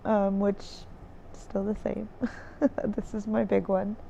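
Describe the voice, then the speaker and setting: Woman vlogger, warm gravelly tone, rambling and filler-heavy, slightly muffled home recording. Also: medium pitch, level tone, takes it slowly, a little hiss or hum. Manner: rambling, searching for words, many fillers. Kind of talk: casual diary-style recap. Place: dim room indoors by a window with trees outside.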